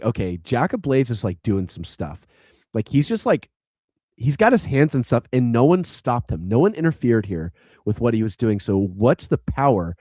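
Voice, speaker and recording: A man's voice: mid-range voice, darkish tone. A man talks through a video game plot on a podcast, rambling along with many likes and restarts. The sound is dry and close, with no room echo. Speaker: podcast co-host. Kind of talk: casual chat retelling a game story.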